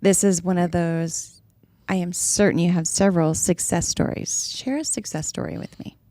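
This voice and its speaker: A woman's voice: on the low side, steady tone, normal speed, warm tone, dry recording. A woman hosting a podcast interview, encouraging and affirming her guest. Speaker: podcast host. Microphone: podcast microphone.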